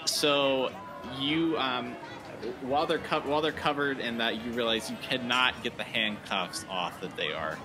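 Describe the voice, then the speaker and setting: A man's voice: medium pitch, a little slow, over music, a crowd in the background. A man narrating a tabletop game as game master, rambling and hesitant with many fillers.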